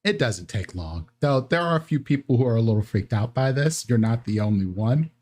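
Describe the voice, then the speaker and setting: A man narrating as game master in a relaxed, rambling way with many fillers. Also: mid-range voice, fairly quick.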